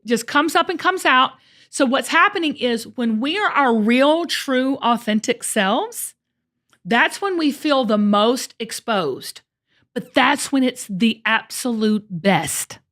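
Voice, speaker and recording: A middle-aged woman who coaches her guests with earnest, emphatic talk. Her voice sits a little high, and she doubles up words as she pushes her point home. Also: expressive, slow, a bit bright. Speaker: host and coach.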